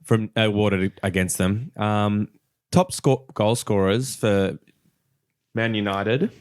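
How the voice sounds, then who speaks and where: A man's voice: on the low side, steady tone, slow pace, smooth, dry recording, studio quality. A man co-hosting a casual fantasy football chat podcast. He leads the segments, makes jokes and swears casually. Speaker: podcast co-host.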